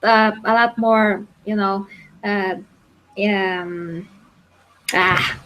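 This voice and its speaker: A woman's voice: mid-range voice, steady tone, extremely slow, a bit bright, poor audio. A woman in a casual review chat, hesitant and searching for her words.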